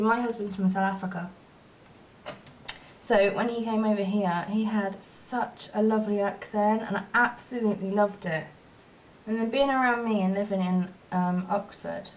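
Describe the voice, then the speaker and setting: A young woman vlogging in a rambling, chatty, self-mocking way while doing her makeup at home. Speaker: beauty vlogger. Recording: distant, dull lo-fi mic with faint rumble.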